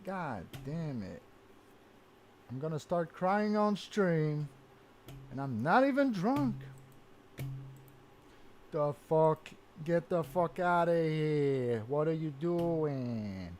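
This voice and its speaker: Man streaming a game, swearing loudly. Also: a little high, lively intonation, takes it slowly, long pauses, slight background noise. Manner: frustrated swearing outbursts. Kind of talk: live game stream commentary. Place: home room at a computer.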